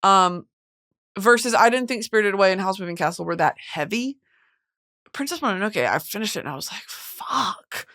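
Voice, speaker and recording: A woman hosting a podcast in casual chat, excitable and swearing freely, on a close studio mic. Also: medium pitch, no room sound. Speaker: podcast host.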